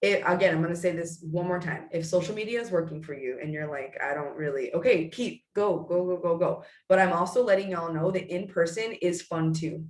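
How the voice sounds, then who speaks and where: A woman in her thirties gives her sales team a blunt, fast-paced pep talk in a casual live-video style, often stopping to restart her sentences. Her voice sits a little low. She is recorded from some distance in a roomy space. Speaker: direct sales team leader.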